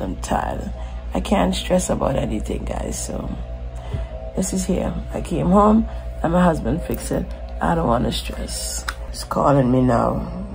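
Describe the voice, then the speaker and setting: A woman vlogger chatting casually and excitedly straight to her viewers. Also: deep voice, creaky, poor audio. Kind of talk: casual vlog chat to viewers.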